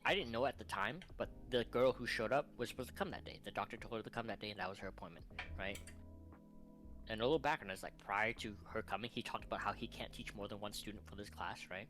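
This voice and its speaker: A man's voice: lowish voice, fast talker, fairly bright tone, faint music behind. Tired man ranting with swearing. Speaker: streamer. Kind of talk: casual chat.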